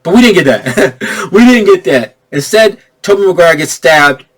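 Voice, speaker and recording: A young man giving an excitable, slangy spoiler review of a movie, repeating himself for emphasis. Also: sits high, moderate pace.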